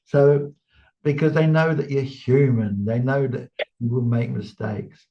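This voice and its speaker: An older English man, a medium, telling lively anecdotes in a casual interview and laughing often. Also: medium pitch, a little slow. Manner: chatty storyteller, laughs often, lively quoted voices. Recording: slightly dull sound.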